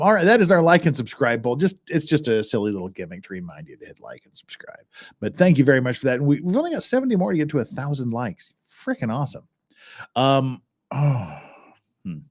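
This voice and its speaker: A man hosting a livestream, chatting casually and thinking aloud as he goes through documents. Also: medium pitch. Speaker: livestream host.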